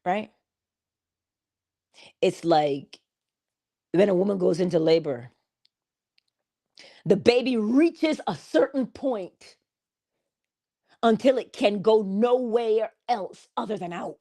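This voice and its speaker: A woman's voice: medium pitch, animated, slow, long pauses, warm tone. A woman giving a morning inspirational talk, with preacherly calls and frequent laughter. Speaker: motivational speaker.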